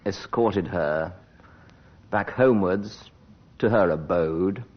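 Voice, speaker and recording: A man improvising comic verse as a panelist on a radio game show, in a measured, deadpan way. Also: deep voice, very noisy. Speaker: comedy panelist. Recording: dull 1980s radio recording.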